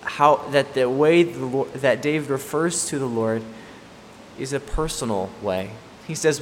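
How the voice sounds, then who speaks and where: Male preacher, emphatic and repetitive, long hall reverb with faint room hiss. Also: medium pitch. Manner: emphatic, repeats key points. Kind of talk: expository sermon.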